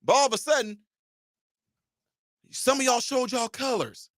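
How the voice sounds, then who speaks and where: A man hosting his own channel, delivering an emphatic commentary rant with shouted punchlines and mocking imitations of his critics. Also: extremely high pitch, unhurried, no echo. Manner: mocks imagined critics in a mimicking voice. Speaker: channel host.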